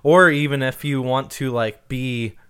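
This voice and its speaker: A man's voice: medium pitch, steady tone, a little slow, a bit bright, clear, resonant tone. A man co-hosting a podcast in casual comedic chat, rambling with many fillers and laughs. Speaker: podcast co-host.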